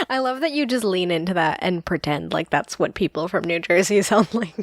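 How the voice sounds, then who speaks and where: A young New York woman co-hosts a casual chat podcast, talking in a chatty way with lots of filler words and frequent laughter. Her voice is fairly low, with lively intonation at a normal speed, recorded with studio quality and no room sound.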